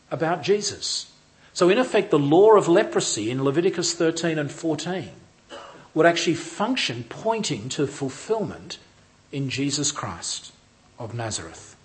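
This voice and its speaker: Male Bible lecturer, slightly high-pitched, measured and explanatory. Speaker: Bible teacher. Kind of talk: lecture on a Gospel passage.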